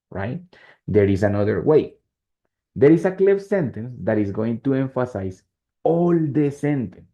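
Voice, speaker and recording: Man teaching English grammar. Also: medium pitch. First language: Spanish. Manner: switches between English and Spanish, checks in with students often. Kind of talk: online class explaining grammar. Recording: slightly dull lo-fi sound.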